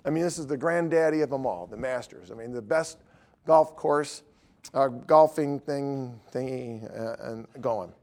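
A middle-aged man, an evangelist, preaching through lively anecdotes and acting out the dialogue. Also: mid-range voice, unhurried. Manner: lively storytelling, acts out dialogue.

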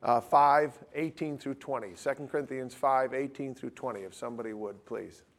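A man's voice: medium pitch, steady tone, normal speed. Blunt, plain-spoken male Bible teacher. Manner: blunt, informal, self-interrupting.

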